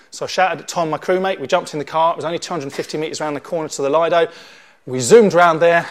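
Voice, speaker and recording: A man preaching a sermon and telling a dramatic story, acting out the scenes as he goes. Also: on the high side. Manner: animated storyteller, acts out scenes.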